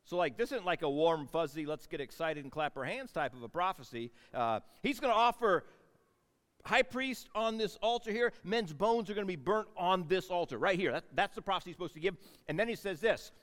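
High-voiced guy preaching, chatty and folksy, big echoey hall. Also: expressive, a little fast, fairly bright tone. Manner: conversational, folksy asides and acted quotes. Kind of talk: sermon retelling a scripture story.

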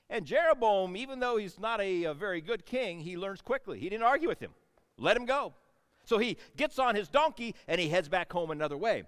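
A man's voice: high voice, expressive, brisk, fairly bright tone, long reverb tail. A man preaching a sermon, retelling a scripture story in a conversational, folksy way with playful asides.

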